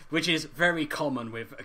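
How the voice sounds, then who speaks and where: A man's voice: fairly high pitch, unhurried, a crowd in the background. A man co-hosting a casual podcast chat, laughing often, swearing and rambling off on tangents. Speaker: podcast co-host.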